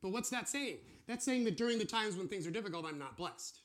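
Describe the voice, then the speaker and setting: Lively, animated man preaching. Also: high-pitched, quick pace. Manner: animated, acts out voices of God and believers. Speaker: preacher teaching a series. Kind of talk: casual teaching sermon with drawings.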